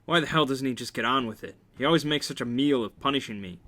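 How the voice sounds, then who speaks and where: A man's voice: medium pitch, fast, sharp tone. A man reading a novel aloud, with wry, joking asides. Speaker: reader.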